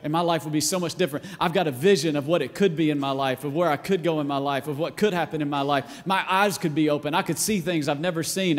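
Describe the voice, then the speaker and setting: A male pastor preaching a sermon in a church in a casual, playful way, acting out quotes and sometimes shouting. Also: on the high side, fast, few pauses. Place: church auditorium. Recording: long hall reverb.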